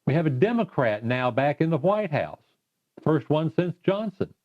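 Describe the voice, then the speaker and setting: An older man recounting past events in a measured way during an oral history interview. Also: on the high side, big pitch swings. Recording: muffled lo-fi recording.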